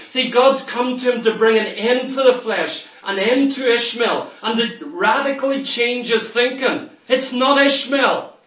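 A man preaches with a high, bright, ringing voice, emphatic and full of storytelling. He sounds set back from the mic, and a big, echoing room carries his words. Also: measured pace. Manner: emphatic, storytelling, acts out quoted lines. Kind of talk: sermon. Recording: roomy echo, from far off the mic.

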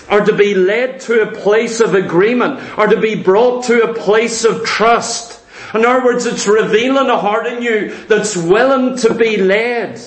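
A man's voice: sits high, roomy sound. A man preaching a sermon, speaking earnestly and with emphasis to his congregation.

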